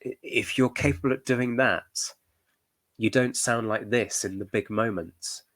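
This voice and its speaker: A man's voice: medium pitch, unhurried, fairly bright tone, no echo. A male historian giving reaction commentary, thoughtful and hedging, with frequent fillers.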